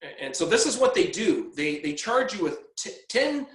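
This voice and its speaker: A man's voice: sits high, big pitch swings, normal speed, fairly bright tone, reverberant. A man telling his story in casual talk, rambling, repeating words and acting out the exchanges he quotes.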